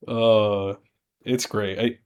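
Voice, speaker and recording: A man's voice: fairly low pitch, flat delivery, drawn-out words, a little mellow. A man chatting casually on a podcast, joking loosely and laughing often. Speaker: podcast panelist. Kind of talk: casual chat.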